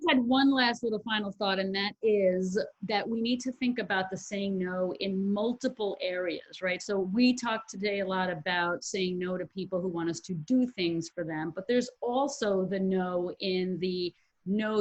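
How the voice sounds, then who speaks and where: A woman's voice: mid-range voice, normal speed, hardly any pauses, highs cut off. A woman hosting a casual talk show, guiding the talk and offering a closing thought. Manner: leads the talk, wraps up. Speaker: host. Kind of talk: casual chat.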